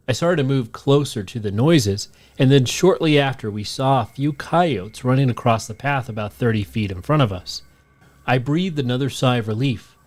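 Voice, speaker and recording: A man co-hosting a podcast, reading a listener's spooky story aloud in a steady storytelling voice. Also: medium pitch. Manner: steady storytelling read, shouts out the quoted lines. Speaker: podcast co-host.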